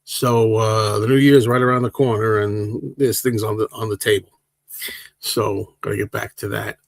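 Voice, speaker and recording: Older guy in his 60s, gravelly voice, laid-back livestream chat, dry close sound. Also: fairly low pitch, normal speed, no room sound. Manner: rambling, relaxed, answers chat questions one by one. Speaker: livestream host. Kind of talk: casual livestream chat reading viewer comments.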